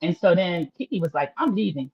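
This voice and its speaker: A woman's voice: lowish voice, sing-song, a little fast, breathy edge, lo-fi sound. A woman hosting a casual livestream recap of a reality show, chatty and opinionated, talking straight to her viewers.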